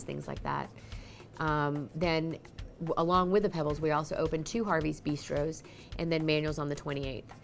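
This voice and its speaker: A woman who hosts a TV show and runs restaurants, telling her story to camera in a chatty, animated way on a lapel mic. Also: deep voice. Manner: chatty and animated, acts out dialogue with a raised voice. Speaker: TV host and restaurant owner. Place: on a filming set with a camera crew.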